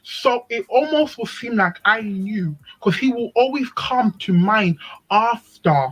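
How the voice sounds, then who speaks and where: A woman telling a personal story on a live stream, animated and emphatic, often repeating herself. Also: a little high, takes it slowly, rough recording. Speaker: panel speaker.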